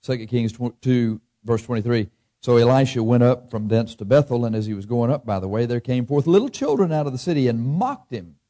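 A man of middle pitch preaching a sermon. He reads scripture with measured emphasis and breaks into folksy, chuckling asides. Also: mellow. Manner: folksy, reads scripture in King James cadence, chuckles at own jokes.

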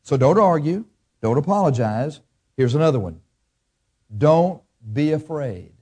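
A man's voice: expressive, measured pace, long pauses, darkish tone, slightly rough. Blunt, emphatic preacher man. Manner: blunt, emphatic, acts out excuses in a higher whiny voice. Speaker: pastor. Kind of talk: sermon.

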